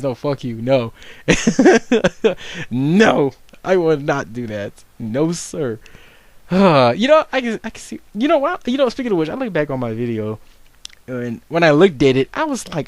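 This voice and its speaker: A man's voice: fairly high pitch, sing-song, moderate pace, no echo. A young man giving casual unscripted video commentary, rambling and swearing, with frequent stumbles and restarts as he mocks himself.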